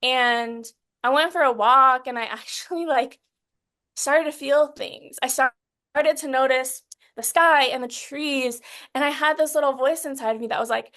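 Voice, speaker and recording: A fairly high-voiced woman in her thirties speaks as an interview guest. She talks in an earnest, halting way, restarting sentences often and at times growing emotional as she recounts hard memories. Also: a bit bright. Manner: gets emotional while recounting.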